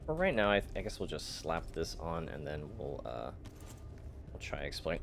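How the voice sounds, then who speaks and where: A man's voice: extremely low pitch, wildly swooping pitch, moderate pace, vocal fry, over music. A man streaming a game, chatting casually with his chat, playful and teasing, often laughing and stammering. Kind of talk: casual live-stream chat while gaming.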